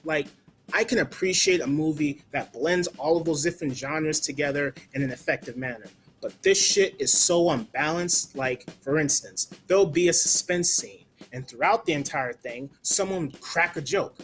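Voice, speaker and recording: A man whose voice sits a bit high gives a casual spoken movie review at a moderate pace, ranting bluntly and loosely, peppering his sentences with "like" and the odd swear word. Soft music plays faintly in the background.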